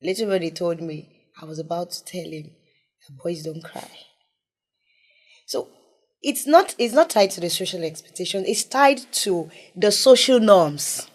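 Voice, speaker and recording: A woman, speaking earnestly as a guest in a conversational interview and often dropping to softer tones. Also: fairly low pitch, lively intonation, moderate pace. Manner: earnest, emphatic, drops to soft tones. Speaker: guest, mental health advocate.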